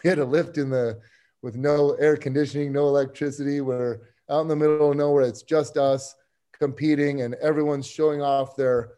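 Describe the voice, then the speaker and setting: A man as a podcast guest, telling a story in an animated, excitable way with many restarts. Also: on the high side, normal speed. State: getting emotional. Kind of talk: casual chat.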